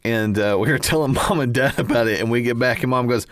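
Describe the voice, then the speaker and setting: A man's voice: medium pitch, fast talker. A man co-hosting a podcast, telling family stories in an easygoing way, often chuckling and adding quips. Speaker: podcast co-host. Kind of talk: casual storytelling chat.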